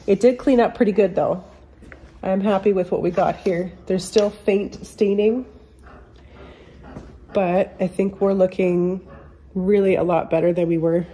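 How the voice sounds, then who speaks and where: A woman's voice: mid-range voice, fairly even intonation, a little slow, long pauses, warm tone, slight background noise. A woman with a cold and a nasal voice, casually explaining a furniture repair step by step as she works in a workshop. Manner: chatty, explains step by step to viewers. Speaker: furniture restorer. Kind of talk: casual how-to demonstration.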